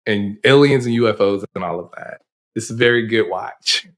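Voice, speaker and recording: A man co-hosting a podcast in casual chat, who laughs often and tells animated, rambling stories. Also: on the low side, normal speed. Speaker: podcast co-host.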